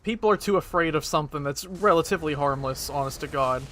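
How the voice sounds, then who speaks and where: Bright-voiced cursing male game streamer. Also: fairly high pitch, fast talker, slight background noise. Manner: self-deprecating, swears a lot, frustrated outbursts. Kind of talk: casual gameplay commentary.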